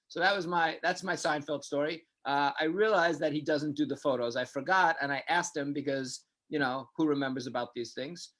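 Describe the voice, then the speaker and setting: A man from New York hosting a live Q&A, telling stories in a chatty, animated way. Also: fairly high pitch, a little fast, hardly any pauses. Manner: chatty, animated anecdote-teller. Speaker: host, community center director. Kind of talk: live Q&A casual storytelling.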